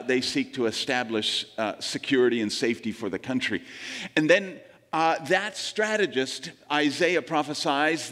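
An earnest male pastor preaching a sermon, his voice sitting a little higher than most men's. He slows down and sinks low on the scripture lines, then lifts for emphasis. A long reverb trails after his words in a large room. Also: a bit bright.

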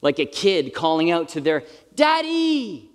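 A man's voice: mid-range voice, steady tone, moderate pace. A middle-aged man preaching a sermon to a live audience, in a conversational, earnest and self-deprecating way. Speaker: pastor. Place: large hall with live audience. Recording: reverberant hall.

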